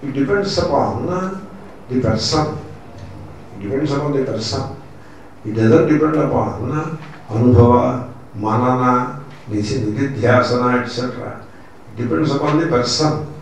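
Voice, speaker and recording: A man's voice: mid-range voice, moderate pace, pauses often. A man with an Indian accent, a swami teaching scripture in a lecture, stressing points by repeating them and using Sanskrit terms. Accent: Indian English. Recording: very echoey room, mic far off, faint noise.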